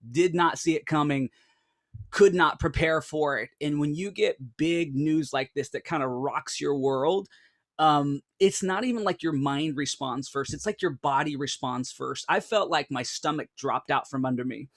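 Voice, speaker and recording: A man in his thirties telling a group an earnest personal story, animated and full of restarts and "like". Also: a little high, moderate pace, no echo, studio quality. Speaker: speaker.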